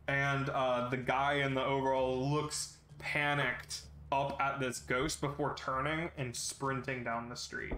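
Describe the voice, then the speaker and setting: A man narrating a tabletop game as game master, relaxed and with many fillers. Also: medium pitch, measured pace, hardly any pauses, a little hiss or hum.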